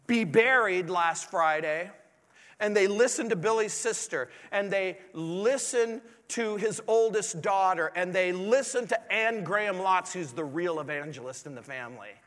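High-voiced preacher in a reverberant hall. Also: male voice, a little slow, a bit bright. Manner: earnest preaching, pleading rhetorical questions. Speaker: pastor. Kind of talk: sermon.

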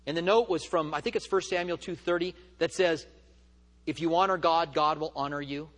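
A man's voice: fairly high pitch, fairly even intonation, a little fast, fairly bright tone, long reverb tail. A man teaching a church study, telling stories in an emphatic, rising preaching manner. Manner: storytelling, emphatic and rising when stirred. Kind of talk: sermon.

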